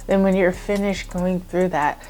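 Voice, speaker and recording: A woman's voice: on the low side, fairly even intonation, unhurried, darkish tone, faint music behind. A woman YouTuber talking to her viewers in a heartfelt vlog, earnest and reflective, a little emotional, with many casual "like" fillers.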